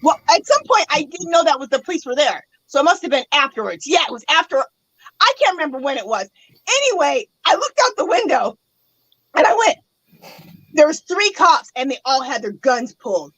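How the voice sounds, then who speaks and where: A high-pitched woman tells a story in a casual online chat. Her voice jumps all over as she acts out her own reactions. She talks in a lively, chatty way. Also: fairly quick, poor audio. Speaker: host.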